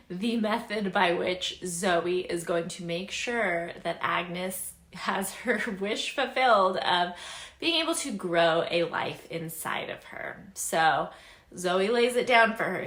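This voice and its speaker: Young woman, book reviewer, chatty and expressive, bright tone, roomy echo. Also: fairly low pitch. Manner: chatty and expressive, laughing often. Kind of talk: casual story recap.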